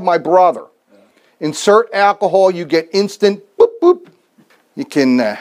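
Folksy male pastor asking rhetorical questions. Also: fairly high pitch. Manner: conversational storytelling, rhetorical questions, self-deprecating asides. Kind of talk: casual sermon.

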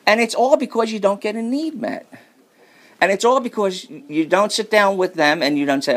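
A man's voice: high voice, moderate pace. A man preaching a sermon on marriage in a folksy, joking manner.

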